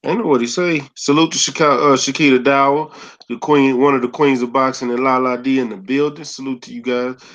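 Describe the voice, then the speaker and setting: A man's voice: medium pitch, fairly even intonation, fairly quick, highs cut off. Laid-back man hosting a live stream. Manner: laid-back, gives shout-outs to the chat. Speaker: host. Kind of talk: casual live-stream chat.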